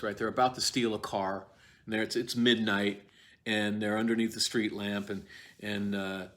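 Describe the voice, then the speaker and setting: A man's voice: fairly low pitch, a bit bright. A man giving a chatty, rambling video lecture on a play, self-deprecating and full of asides.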